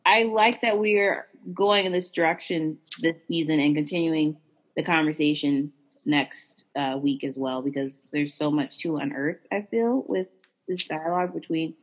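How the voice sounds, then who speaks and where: A young woman co-hosting a podcast, chatting casually and warmly wrapping up the show. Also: sits low, normal speed, breathy edge, poor audio. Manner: gushing, upbeat sign-off. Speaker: podcast co-host. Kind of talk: casual chat.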